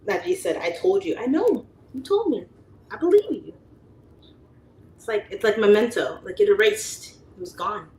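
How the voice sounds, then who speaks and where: A woman's voice: mid-range voice, sing-song, normal speed, darkish tone. Chatty woman in an echoey room. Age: 30s. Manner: chatty, laughs often, whispers asides. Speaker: livestream host. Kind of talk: casual chat reading viewer comments. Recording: echoey room with faint ambient noise.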